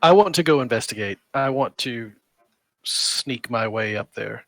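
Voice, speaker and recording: Calm man playing a tabletop game. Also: mid-range voice, measured pace, vocal fry, no echo. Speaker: player.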